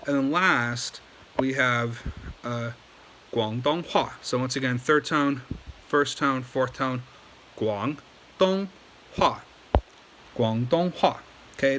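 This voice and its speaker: A man giving a relaxed, chatty language lesson, full of fillers and restarts. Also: mid-range voice, slight background noise. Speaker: language teacher. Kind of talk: casual explanatory lesson.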